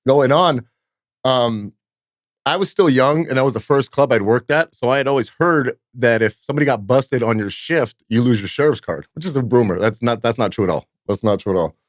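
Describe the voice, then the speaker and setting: A man's voice: medium pitch, lively intonation, brisk, no echo, studio quality. A man from California, a nightclub promoter, telling long rambling, profane stories as a podcast guest. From Fresno, California. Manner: rambling, profane, peppered with "blah, blah, blah". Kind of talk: casual storytelling in a podcast interview.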